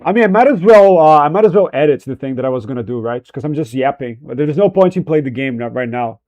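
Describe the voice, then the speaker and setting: A man's voice: medium pitch, lively intonation, fast, a little mellow, dull audio. A man chatting casually on a livestream, rambling, restarting and correcting himself as he goes. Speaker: streamer.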